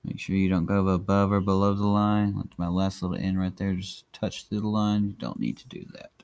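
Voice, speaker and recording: A man with a gravelly, low voice walks viewers through cursive letters. He chats and encourages as he writes along. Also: darkish tone. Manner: chatty, encouraging, talks while writing. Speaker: handwriting teacher. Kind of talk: casual tutorial narration.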